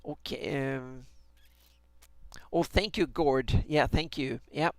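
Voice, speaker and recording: A man's voice: medium pitch, steady tone, slow pace, no echo. A man thinking aloud on a live stream as he draws a fantasy map, hesitant, with many restarts. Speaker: fantasy map maker streaming his work.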